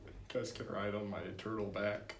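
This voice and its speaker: A man's voice: fairly low pitch, flat delivery, normal speed, echoey room, a little hiss or hum. A teenage boy joking around in playful banter while playing a tabletop role-playing game. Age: teens. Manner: goofy, playful, teasing.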